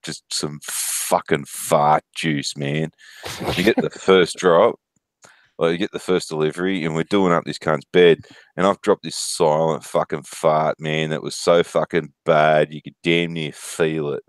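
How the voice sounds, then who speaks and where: A man's voice: extremely low pitch, steady tone, a little slow, dry recording. A man in his thirties with an Australian accent, telling profane, laughing stories on a casual stream. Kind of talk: casual storytelling.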